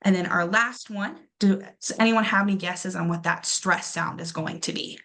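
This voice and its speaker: A woman's voice: lowish voice, normal speed, sharp tone. A young woman teaching a classroom pronunciation lesson, encouraging her students and exaggerating syllables to demonstrate them.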